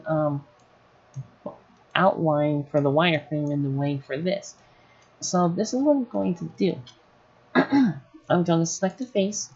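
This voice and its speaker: Chill woman walking thru a live tutorial, slow and talking to herself as she clicks, kinda muffled sound. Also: low voice, a little mellow. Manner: thinking aloud while working, casual and chatty. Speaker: software tutorial streamer. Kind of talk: live screen-recorded tutorial.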